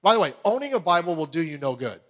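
High-pitched guy preaching a sermon, pushy and emphatic, lots of rhetorical questions. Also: very animated, quick pace, a bit bright. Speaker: pastor.

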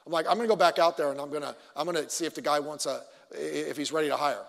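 High-voiced preacher in a reverberant hall. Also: male voice, racing, creaky. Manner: animated storytelling with stammered restarts, acting out voices. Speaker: pastor. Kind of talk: sermon.

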